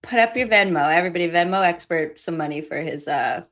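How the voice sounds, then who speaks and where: A woman's voice: on the low side, quick pace, fairly bright tone. Sarcastic woman streamer. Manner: sarcastic, laughing. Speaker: livestream host. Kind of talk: casual commentary on trial footage.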